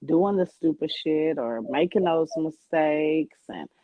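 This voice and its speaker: A woman's voice: sits low, slow, no echo, phone-quality sound. A woman joining her sister's chat on a video call, speaking frankly, agreeing often and swearing freely. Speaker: co-host sister. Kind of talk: casual chat between sisters.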